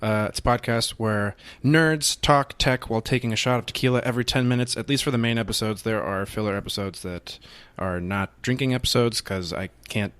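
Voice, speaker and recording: A man guesting on a casual podcast, playful and quick to laugh, with some swearing. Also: mid-range voice, a bit bright, clean tone, no room sound.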